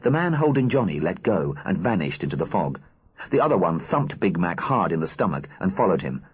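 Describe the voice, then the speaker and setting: A man reading an audiobook aloud in an expressive, animated narrating style. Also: low voice, fairly quick, husky. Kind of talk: scripted narration.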